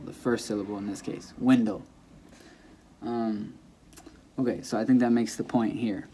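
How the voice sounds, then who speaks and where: A man's voice: mid-range voice, dark tone. A young man teaching a casual lesson, repeating example words with shifted stress and correcting himself as he goes, recorded on a camera mic without a clip mic. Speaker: Spanish teacher.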